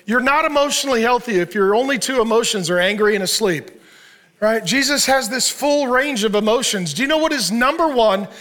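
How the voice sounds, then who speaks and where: A male pastor with a strikingly high voice and a bright, forceful edge delivers a sermon. He talks in punchy, joking bursts, tossing rhetorical questions at his listeners and answering them himself.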